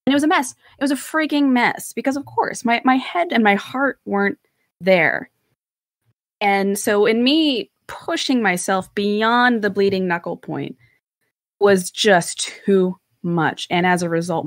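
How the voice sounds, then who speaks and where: A woman's voice: mid-range voice, a little slow, no room sound. A woman co-hosting a podcast, telling a candid personal story in casual chat, swearing now and then. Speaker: podcast co-host.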